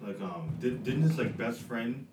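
A man in a casual chat among friends, reacting quickly with laughing asides. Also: mid-range voice, expressive, background noise.

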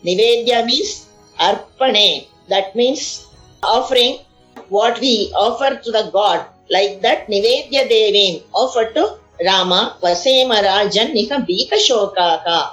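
A woman teaching scripture, translating Sanskrit verses line by line in an animated retelling. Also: mid-range voice, measured pace. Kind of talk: explaining Sanskrit verses of an epic. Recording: echoey room with faint music.

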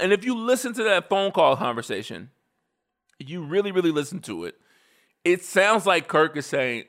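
A man in his forties with a somewhat high-pitched voice, talking casually and telling stories at length. His delivery is animated and emphatic, full of slang, and he laughs often. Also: normal speed. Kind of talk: casual storytelling commentary.

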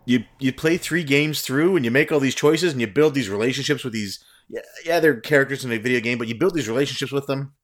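A young man chatting casually about games, telling stories in a rambling, animated way with fillers and laughter. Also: mid-range voice, fast talker, hardly any pauses. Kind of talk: casual chat.

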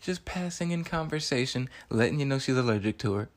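A young man in his twenties talks through a movie on his podcast in a loose, chatty way. He gets worked up fast and slips into the characters' voices in quick bursts. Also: medium pitch. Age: 20s. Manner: excitable, acts out characters' lines in quick bursts. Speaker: podcast host. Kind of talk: animated casual movie recap.

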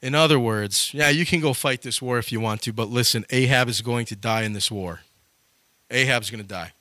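A man preaching a casual sermon, retelling a scripture story in slangy, animated style. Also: mid-range voice, a little fast, no room sound.

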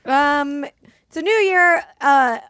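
A woman's voice: sits high, slow, a bit bright, no echo, clean studio sound. A woman co-hosting a comedy podcast, chatting casually and enthusiastically and swearing freely. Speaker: comedian co-host.

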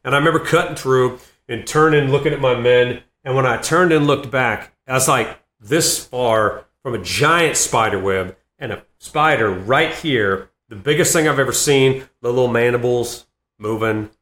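A man in his fifties, a comedian and former Marine, spins animated anecdotes in an interview and laughs between lines. His voice sits in a middle range. The recording has a roomy echo. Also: medium pitch, moderate pace. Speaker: comedian and Marine veteran guest. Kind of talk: storytelling interview.

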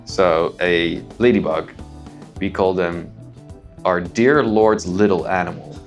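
A man's voice: sits low, slow pace, soft background music. A man chatting casually as a guest, amused and laughing between words. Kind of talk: casual chat.

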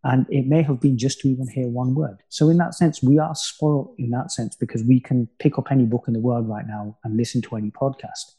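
A man's voice: medium pitch, fairly even intonation, a little fast, hardly any pauses, husky. A man, a spiritual teacher and podcast guest, talking in a reflective, musing way in casual conversation. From United Kingdom. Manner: reflective, musing, often quiet.

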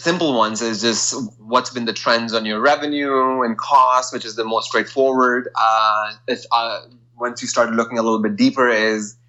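A man who works as a management consultant, a podcast guest who talks in a measured way with many fillers. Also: mid-range voice, sharp tone, lo-fi sound. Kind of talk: casual interview.

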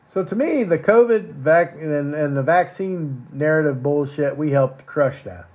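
A man's voice: on the high side, animated, normal speed, few pauses. Profane ranting male podcast host. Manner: angry, crude, repeats words.

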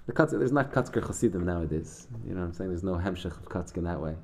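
A man with a low, dark voice gives a Torah class, retelling a Hasidic story. He speaks conversationally, with frequent restarts and Yiddish and Hebrew words woven through his sentences. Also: expressive, fast. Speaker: Torah teacher.

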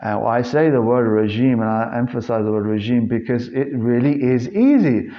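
A man's voice: mid-range voice, normal speed, highs cut off. A man hosting a solo fitness podcast, talking casually and earnestly to his listeners with a rambling delivery full of restarts and fillers. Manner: earnest, addresses listeners as guys. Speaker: fitness trainer and podcast host.

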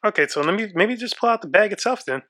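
A man's voice: sits high, lively intonation, quick pace, bright, forceful tone. A young man co-hosting a casual podcast chat, nervous and shaky, swearing freely as he frets aloud. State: shaky and freaked out. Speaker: podcast co-host.

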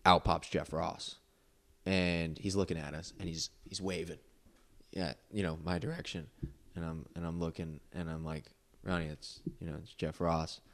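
Young dude with a really deep voice, rambly, says like a lot, podcast guest. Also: male voice, flat delivery, moderate pace, fairly bright tone. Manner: rambling, filler-heavy storytelling with lots of "like". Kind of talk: casual storytelling.

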